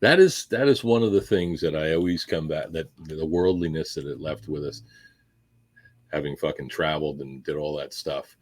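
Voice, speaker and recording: A man's voice: extremely low pitch, normal speed. A former Marine man hosting a casual chat, reminiscing in a rambling, profane, reflective way. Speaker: podcast host, former Marine.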